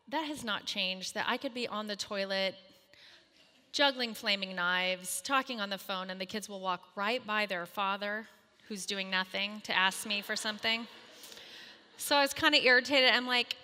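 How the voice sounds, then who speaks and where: A woman in her thirties telling a humorous, self-mocking story to a moms' group, animated and acting out the voices in her quotes. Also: medium pitch, moderate pace, in a large hall.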